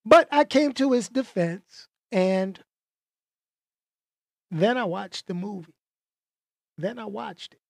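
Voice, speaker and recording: Slow, animated male podcast host. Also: high voice, vocal fry, no room sound, clean studio sound. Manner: animated, stammering restarts, slangy asides. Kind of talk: casual solo podcast rant.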